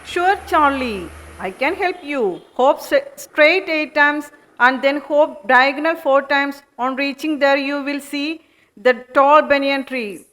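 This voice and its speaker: Kindly lion from a puppet show, woman doing it, high-ish voice, slow and calm. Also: long reverb tail. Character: gentle friendly male lion.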